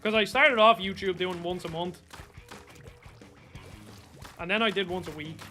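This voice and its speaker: With faint music behind him, a young Irish streamer speaks in a high voice at a moderate pace, pausing often. He keeps up chatty gameplay talk, swears freely, and bursts out excitedly at the action.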